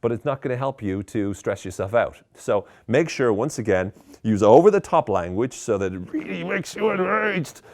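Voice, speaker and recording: Guy doing a sarcastic self-help talk, mid voice, chatty and deadpan-ironic. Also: medium pitch, normal speed. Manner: mock-serious, ironic, conversational. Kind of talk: tongue-in-cheek advice monologue.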